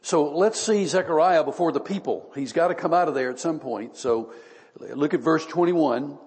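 A man preaching a Bible-teaching sermon in an earnest, conversational way, reading scripture slowly and with weight. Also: on the high side, darkish tone, slightly rough. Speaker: pastor. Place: church hall. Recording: long reverb of a large hall.

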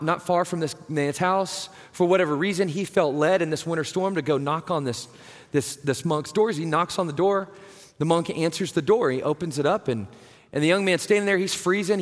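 A man, preaching a conversational, earnest sermon. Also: fairly high pitch. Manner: conversational, earnest, says "right?" and "man" often. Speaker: pastor. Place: church sanctuary. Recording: long hall reverb.

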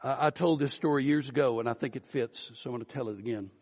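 A pastor preaching an Easter sermon, telling a story and slowing down and rising for emphasis. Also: male voice, mid-range voice, darkish tone. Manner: storytelling, slows down and rises for emphasis. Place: church sanctuary. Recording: dull audio with long hall reverb.

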